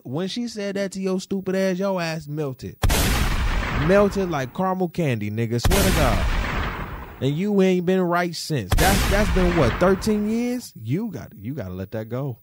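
Guy on a gossip podcast roasting somebody, voice jumps all over, kinda high, dry sound. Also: moderate pace, slight background noise. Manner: teasing, profane, riffing directly at a celebrity; animated, swings between low mutters and high exclamations. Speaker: podcast co-host. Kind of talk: casual pop-culture commentary.

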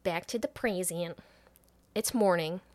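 A woman's voice: lowish voice, unhurried. Woman co-host, casual film recap, swears a lot, acts out quoted lines. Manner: profane, animated recap with quoted voices. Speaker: podcast co-host retelling a film. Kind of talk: casual chat.

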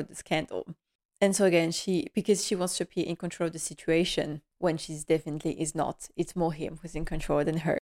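Lady chatting thru an episode recap, kinda low voice, retells scenes. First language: French. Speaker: podcast host. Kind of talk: casual episode recap and commentary.

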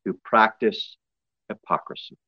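A male pastor preaching a sermon, his voice jumping high and loud for emphasis before dropping back low. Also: a little slow, dry recording, highs cut off. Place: church.

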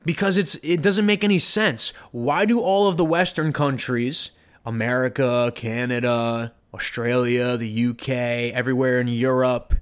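A man's voice: medium pitch, steady tone, unhurried, smooth. A man hosting a podcast, delivering a sarcastic, indignant rant as commentary. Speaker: podcast host. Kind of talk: ranting commentary.

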